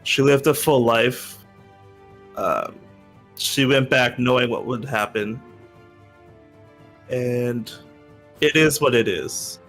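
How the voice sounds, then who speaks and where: A man roleplaying his character at a tabletop game, measured and reflective with some hesitation. He speaks slowly at a mid pitch, with faint music underneath. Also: a bit bright. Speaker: player.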